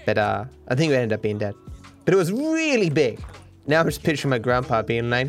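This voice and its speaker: A man's voice: mid-range voice, sing-song, fairly quick, faint music behind. A young man, a streamer rambling casually, candid and self-deprecating, swearing freely.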